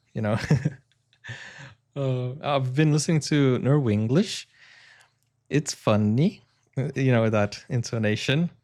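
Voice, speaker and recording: A man who is an English teacher and a native Portuguese speaker, chatting casually and hesitantly as a reaction video host. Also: medium pitch. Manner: chatty, hesitant, many ums and self-corrections.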